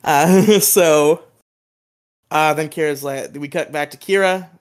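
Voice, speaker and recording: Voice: mid-range voice, slow pace, clean tone. A podcast co-host giving a casual, rambling recap of an episode, laughing often and acting out quoted lines.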